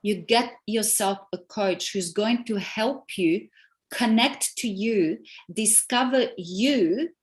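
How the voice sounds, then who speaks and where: Woman coach, interview guest, animated and emphatic delivery. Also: mid-range voice, slow pace. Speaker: relationship coach. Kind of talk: interview conversation.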